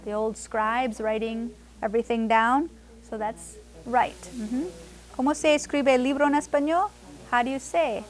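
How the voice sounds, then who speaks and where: Woman teaching spanish to adults in a classroom, high voice, says phrases slow and repeats them, faint room noise. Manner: mixes English and Spanish, repeats phrases slowly for learners. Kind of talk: classroom language lesson.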